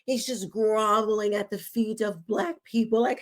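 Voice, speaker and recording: Woman host doing a sassy rambly commentary, lots of "like" and "you know", normal pitch. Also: steady tone, normal speed, hardly any pauses. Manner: chatty, sassy, rambling with fillers. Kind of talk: casual opinion commentary.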